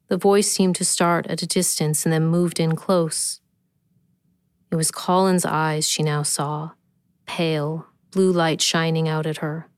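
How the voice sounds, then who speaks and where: A woman, the author, reading her own short story aloud in a steady, measured way. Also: low-pitched, clear, resonant tone, no echo, clean studio sound. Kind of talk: scripted narration.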